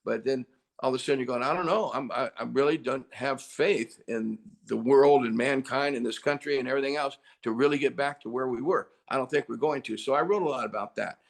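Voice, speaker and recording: An older male rock singer talks through an interview with a gravelly, rough-edged voice at a middle pitch. He tells his stories with energy and often acts out what others said, jumping up loud for the quoted lines. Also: brisk. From United States. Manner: animated storyteller, acts out quotes loudly. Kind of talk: casual interview chat.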